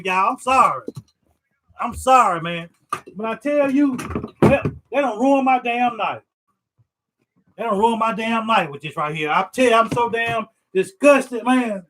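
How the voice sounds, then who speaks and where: A man's voice: extremely high pitch, animated, a little slow, background noise. A man ranting live on stream, rambling and repeating himself, swearing often, frustrated but accepting. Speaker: sports fan vlogger. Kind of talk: live stream reaction rant.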